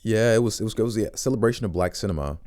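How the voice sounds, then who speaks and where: A young man telling a story in a casual interview, animated and acting out what people said. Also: very fast. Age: young adult. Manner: animated, acts out quotes in high squeaky voices. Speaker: voice actor guest.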